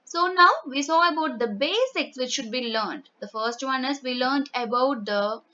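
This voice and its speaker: A woman's voice: high voice, normal speed, pushed and bright. A woman with an Indian English accent teaching a grammar lesson, patiently repeating each example word by word. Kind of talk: explaining a grammar lesson over slides. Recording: dull lo-fi sound.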